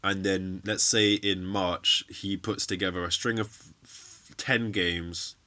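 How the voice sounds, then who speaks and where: A man's voice: sits low, level tone, slow, bright, forceful tone. Blunt, heated young man. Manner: blunt and heated, swears freely. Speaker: football fan streamer. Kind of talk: casual football rant.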